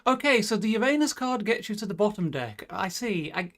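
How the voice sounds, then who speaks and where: A woman streamer casually playing a game, reading its text aloud and reacting excitably, swearing freely. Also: medium pitch, fairly quick.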